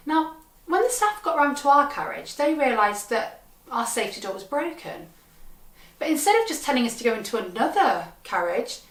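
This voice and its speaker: A woman comedian with a wry, deadpan delivery, telling a funny personal story. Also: a little high. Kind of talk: comic storytelling performance. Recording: echoey, from a distant mic.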